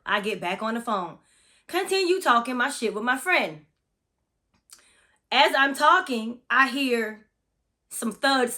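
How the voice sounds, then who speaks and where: A bright, fairly high-voiced woman from Florida recounts an eerie experience in a casual vlog. Her storytelling is chatty and dramatic, with plenty of cursing thrown in. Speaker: massage therapist.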